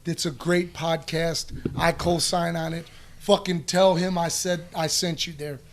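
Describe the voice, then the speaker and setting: A man's voice: on the high side, level tone, unhurried. A middle-aged man in a casual podcast chat, telling rambling stories with swearing, restarts and fillers. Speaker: podcast guest answering listener questions.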